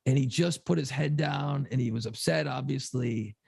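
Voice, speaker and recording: A man co-hosting a podcast, telling a long story in a casual, profane, animated way. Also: medium pitch, moderate pace, gravelly, slightly rough. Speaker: podcast co-host.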